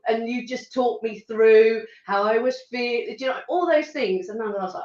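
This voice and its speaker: Suffolk woman chatting on a call, bit high, echoey room, kinda muffled. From rural Suffolk, England. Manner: chatty, laughs often, halting restarts. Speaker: guest. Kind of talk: casual interview chat.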